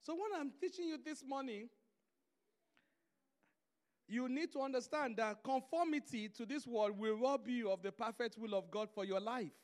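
A man's voice: extremely high pitch, moderate pace. A man preaching a sermon, telling stories and driving his points home through emphatic repetition.

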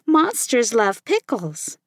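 A woman's voice: a little high, wildly swooping pitch, slow pace, a bit bright, no echo, clean studio sound, heavily acted. A woman voicing a patient, playful mother in a children's story.

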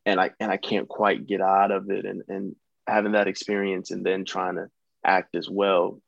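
A man's voice: sits low, monotone, moderate pace, vocal fry, dry recording, dull audio. A young adult man from the United States, an actor talking casually as a guest, rambling and hesitant, with many restarts. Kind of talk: casual conversation.

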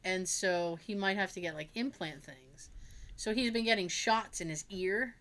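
A woman's voice: mid-range voice, moderate pace, a bit bright. A young woman casually telling family stories, acting out relatives' voices, laughing and swearing as she goes. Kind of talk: casual storytelling chat.

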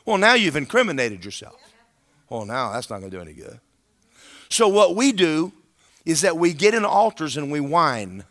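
This sermon comes from a man with a fairly high voice, speaking at a moderate pace. He's animated and conversational, stressing his points and frequently checking in with listeners.

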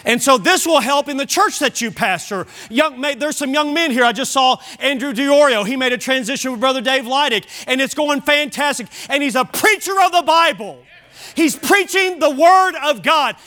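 A man's voice: very high voice, expressive, brisk, hardly any pauses, pushed and bright. A man preaching a sermon at a church service, emphatic and repeating key phrases for weight.

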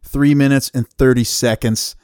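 A man's voice: mid-range voice, fairly even intonation, normal speed, darkish tone, smooth, dry recording. A man hosting a podcast, introducing and timing a segment in a dry, understated way. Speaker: podcast host. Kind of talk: casual chat.

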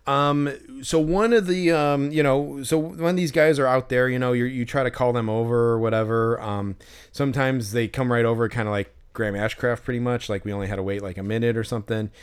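A man at mid pitch with a smooth, clean voice, chatting on a podcast. He rambles through stories with lots of "um" and "like", and turns dryly sarcastic when something annoys him. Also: steady tone, brisk. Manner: rambling storytelling, many fillers and restarts; exasperated, sarcastic about fans. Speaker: podcast co-host. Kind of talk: casual podcast chat.

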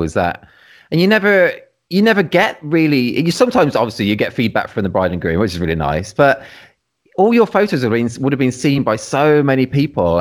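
Excitable host guy, voice jumps way up and down, laughs a lot. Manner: enthusiastic, laughs often, pitch swings widely. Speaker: podcast host, wedding photographer. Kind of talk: casual interview chat.

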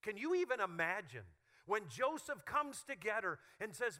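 A male pastor preaching a sermon with humorous, animated storytelling. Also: sits high, normal speed, few pauses.

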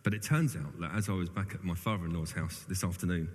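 A man's voice: low-pitched, fast. A clergyman preaching an informal sermon to his congregation, chatty and self-deprecating. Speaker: church clergyman. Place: large reverberant church hall. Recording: long hall reverb.

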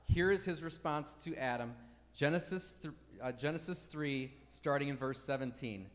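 A man with a slightly higher voice preaches a teaching sermon, building his points with emphasis and asking "right?" as he goes. His voice rings out with the long reverb of a large hall. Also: normal speed. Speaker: pastor.

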